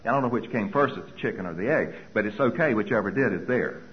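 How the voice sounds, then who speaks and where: Animated man telling a story to an audience. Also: on the low side, quick pace, highs cut off. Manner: animated, acts out his own anxious thoughts. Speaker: speaker.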